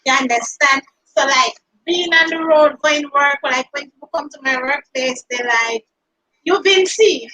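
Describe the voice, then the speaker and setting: A Jamaican woman with a high, bright voice hosts a casual chat. She tells stories in a lively, animated way, with a clear Jamaican accent. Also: moderate pace, hardly any pauses, rough recording.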